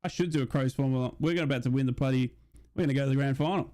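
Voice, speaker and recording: A young man hosting a live football watch-along, chatting casually and reading out viewer shout-outs. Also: medium pitch, rapid-fire. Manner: chatty, reads out chat messages and shout-outs. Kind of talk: casual live-stream chat and mock commentary.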